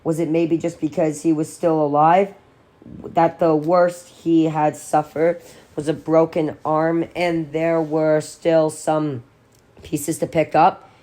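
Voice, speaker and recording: Low-voiced woman reading a novel. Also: level tone, takes it slowly, dark tone. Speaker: audiobook reader.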